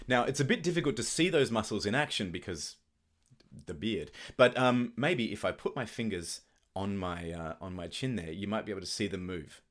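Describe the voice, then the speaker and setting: A middle-aged man gives a clarinet lesson in a fairly low voice that rises and falls a great deal as he explains. He talks in a relaxed, thoughtful way, pausing on the odd filler word. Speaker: clarinet teacher. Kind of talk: instructional video talk.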